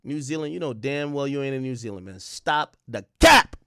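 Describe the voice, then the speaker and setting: A young man talks straight into a close desk mic, chatting loosely with his stream audience and calling out where viewers are from. His voice sits at an ordinary pitch for a man. The sound is dry, with no room echo. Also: fast talker, smooth. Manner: loose, profane, talks straight to chat, shouts out cities. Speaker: livestream host. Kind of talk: casual livestream chat, reading chat roll call.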